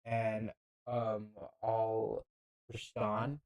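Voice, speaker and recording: A man giving casual live play-by-play commentary on a football match into a handheld mic, halting and often unsure of player names. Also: lowish voice, monotone, darkish tone, poor audio. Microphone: handheld microphone.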